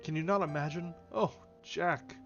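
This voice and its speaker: A man voicing a young woman who pleads in anguish, with halting, broken phrasing. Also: fairly high pitch, fairly bright tone, voice pushed up. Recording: slightly dull, faint music behind.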